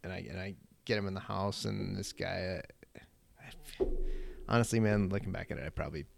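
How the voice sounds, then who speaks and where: A man with a low, gravelly voice tells a story on a podcast. He rambles in casual chat, swears freely and leans on "like" fillers. The recording is dry, with no room echo. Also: brisk. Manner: rambling, profane, many "like" fillers. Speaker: podcast guest.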